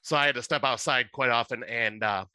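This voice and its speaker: A man's voice: medium pitch, brisk, sharp tone, dry recording. A man co-hosting a podcast in casual chat, a rambling, easygoing storyteller who fills his talk with "uh" and "like.". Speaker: podcast co-host.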